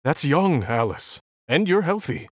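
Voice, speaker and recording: A narrator voicing a calm male surgeon who speaks softly and steadily to reassure his patient. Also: mid-range voice, measured pace, no room sound, clean studio sound, voice pushed up. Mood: gravely calm. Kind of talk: audiobook character voice.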